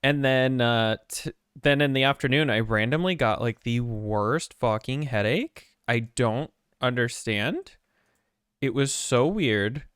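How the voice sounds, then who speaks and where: A man's voice: mid-range voice, fairly bright tone, clear, resonant tone, no echo, studio quality. A man streaming from his apartment desk, chatting in a rambling, jittery way with lots of swearing and self-mockery. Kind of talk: casual chat before a game stream.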